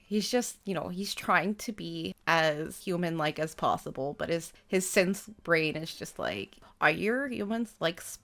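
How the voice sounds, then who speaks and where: A woman hosting a casual gameplay video, excitable and rambling, laughing often as she talks. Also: lowish voice. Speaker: gaming channel host.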